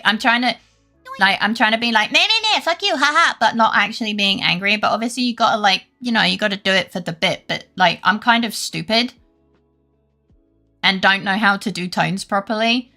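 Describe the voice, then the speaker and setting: A British woman talks to her live viewers in a loose, rambling way, swearing freely and poking fun at herself. Her voice is bright and sharp, with a gravelly crackle at the ends of phrases. Soft music plays quietly behind her. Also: mid-range voice. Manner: rambling, sweary, self-deprecating, laughs often. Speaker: live streamer. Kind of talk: casual chat with live viewers.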